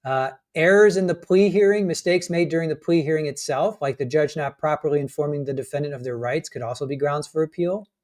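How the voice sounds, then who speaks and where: A man's voice: a little high, fairly quick, hardly any pauses, a little mellow. A man co-hosting a live trial commentary stream, talking casually with many restarts and hesitations while reading out legal points.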